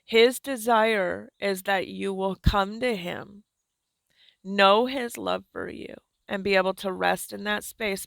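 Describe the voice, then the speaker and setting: A woman giving slow, earnest, soft-spoken devotional teaching as a Christian speaker. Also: medium pitch, vocal fry, no echo.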